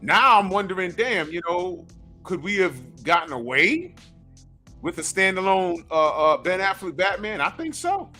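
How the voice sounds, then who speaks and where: A man with a high, bright voice that swings widely in pitch talks excitedly about films, full of slang. Faint music sits underneath. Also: a little slow. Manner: excitable, lively slang-filled talk. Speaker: podcast host. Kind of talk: casual film chat.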